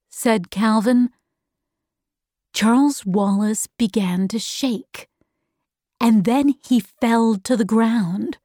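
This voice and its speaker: Slow, careful woman narrator. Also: fairly high pitch, darkish tone, dry recording, studio quality. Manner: careful, evenly paced reading. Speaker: audiobook narrator. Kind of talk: slow, clear scripted narration for learners.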